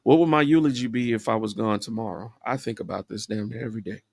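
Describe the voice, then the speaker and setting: Man, solo podcast host, introspective rambling talk, dry close sound, fry in the voice. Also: on the low side, quick pace, no echo. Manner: candid, introspective, rambling with fillers.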